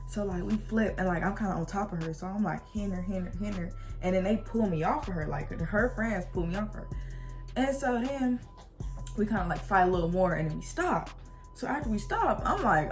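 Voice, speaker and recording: A woman's voice: mid-range voice, animated, normal speed, a bit bright, faint music behind. A young woman vlogger telling a storytime in a casual, slangy way, acting out the quoted dialogue as she goes.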